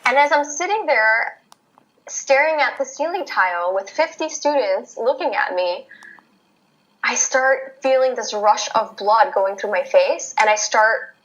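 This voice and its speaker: A woman physical therapist, a podcast guest, telling a personal story in casual chat, lively and laughing as she acts out her own thoughts. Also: on the high side, unhurried, highs cut off.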